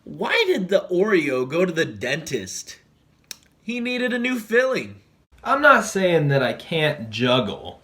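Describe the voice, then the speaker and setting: A man telling quick one-liner jokes and puns in a comedy video, often laughing at his own jokes. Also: high-pitched, wildly swooping pitch, pushed and bright. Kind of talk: joke-telling compilation.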